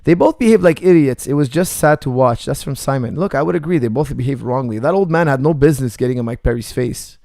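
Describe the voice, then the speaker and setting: Male coach hosting a chat Q&A; gravelly voice, blunt and joking, dry close sound. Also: medium pitch, fast talker, hardly any pauses, darkish tone, no room sound. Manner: blunt, joking, laughs often. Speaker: martial arts coach hosting a Q&A. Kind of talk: casual livestream Q&A, reading chat messages.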